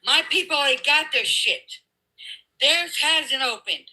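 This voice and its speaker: A woman's voice: high-pitched, animated, a little slow, bright, forceful tone, low-quality recording. A woman in a heated political argument, ranting with lots of profanity. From California.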